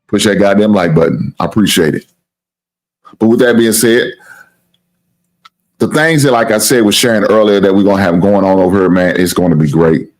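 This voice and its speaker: A man hosting a casual live-stream sports talk show, with a deep voice, rambling and repeating himself and swearing now and then. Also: moderate pace, long pauses. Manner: rambling, repetitive, plugs the channel, swears casually.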